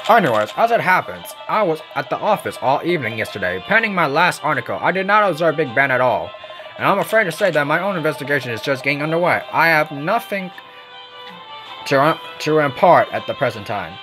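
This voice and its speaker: A man's voice: a little high, big pitch swings, brisk, over music. A man doing a pompous chatty reporter. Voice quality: put-on accent. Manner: wordy and pompous, stumbling over long words.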